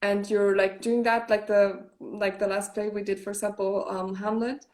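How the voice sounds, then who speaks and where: A woman's voice: mid-range voice, little pitch movement, normal speed, darkish tone. A woman from Germany, a German native speaker, chatting as an actress guest in an interview and talking freely with many "like" fillers and restarts. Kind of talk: casual interview chat.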